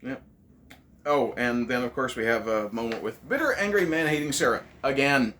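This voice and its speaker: A man's voice: mid-range voice, expressive, normal speed, a bit bright, a little hiss or hum. A man hosting a casual movie review, ranting sarcastically with lots of swearing.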